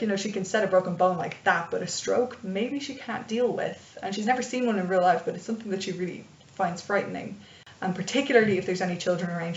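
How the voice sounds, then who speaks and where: A young woman who runs tabletop games, chatting loosely about her campaign with lots of fillers. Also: mid-range voice. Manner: chatty and rambling, with many fillers. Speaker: dungeon master. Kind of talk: casual advice vlog. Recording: echoey room, distant dull mic.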